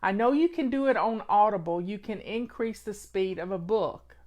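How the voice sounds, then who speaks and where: A woman's voice: mid-range voice, normal speed, a little mellow. A woman with a Southern accent, hosting a live stream and giving folksy, motherly advice in casual chat. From Southern United States. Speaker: host of a home-organizing live show.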